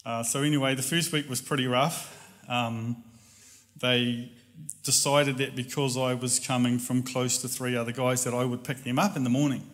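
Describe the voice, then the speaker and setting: A man telling a personal story in a casual, animated way, laughing often and acting out voices. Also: medium pitch, moderate pace.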